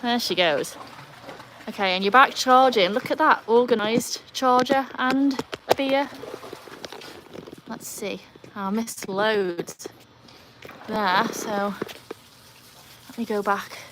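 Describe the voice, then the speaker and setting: Taking it slowly with frequent pauses, a woman whose voice is on the high side hosts a live stream amid background noise. Originally from North Yorkshire, England, she speaks in a Yorkshire accent, chatting casually and making wry, self-mocking asides.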